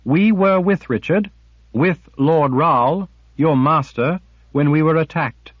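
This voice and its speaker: A man's voice: fairly high pitch, slow, breathy edge, no echo, voice pushed up. A man voicing a determined female sorceress who pleads urgently while trying to sound reasonable, in a storybook reading. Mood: pleading. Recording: dull lo-fi audiobook recording.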